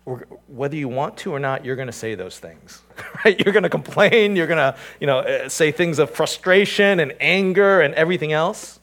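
A man preaching a sermon in a conversational way, with asides to the listeners, building to emphatic peaks and then dropping to a quiet, earnest tone. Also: fairly high pitch, lively intonation, moderate pace. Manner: conversational, with "you know" and "right?" asides. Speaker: pastor.

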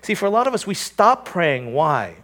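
A man preaching a sermon in a conversational way, with asides to the listeners, building to emphatic peaks and then dropping to a quiet, earnest tone. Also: high voice, very animated, moderate pace. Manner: conversational, with "you know" and "right?" asides. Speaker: pastor.

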